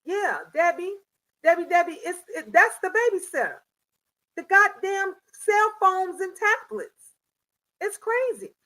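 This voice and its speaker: Her pitch extremely high, this middle-aged livestream host sounds animated, a bit slow, pushed, and bright, though the recording is rough. She lectures parents in a preachy way, repeating lines for emphasis and reading chat names aloud during her casual monologue.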